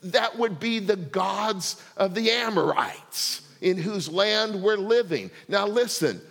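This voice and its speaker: A man's voice: sits high, animated, slow pace, vocal fry, a bit bright, big-room sound. A middle-aged male pastor giving a conversational sermon, often checking in with the congregation. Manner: conversational preaching, asks the congregation for responses.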